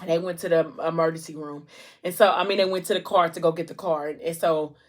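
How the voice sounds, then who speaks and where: A woman's voice: low-pitched, steady tone, fairly quick. Chatty woman retelling a story. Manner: chatty, retells scenes with slangy asides. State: stressed. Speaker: vlogger. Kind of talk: casual book recap storytelling.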